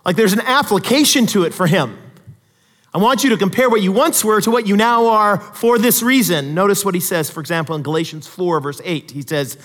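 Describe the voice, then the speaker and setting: A man with a high voice preaching a sermon in a church hall. He drops to quiet, conversational asides, then climbs to loud, emphatic peaks. A long reverb trails his words. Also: brisk. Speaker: pastor.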